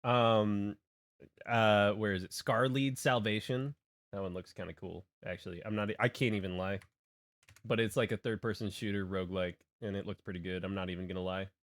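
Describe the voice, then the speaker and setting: A man's voice: fairly low pitch, steady tone, normal speed. A young man from Hawaii chatting casually on a game stream, rambling with many restarts and laughing asides.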